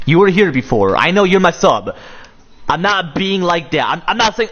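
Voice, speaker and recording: A man talking loosely to his chat during a live stream, rambling and circling back with restarts and fillers. His voice sits a little high for a man, and the audio comes through muffled and lo-fi. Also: very animated, moderate pace, fairly bright tone.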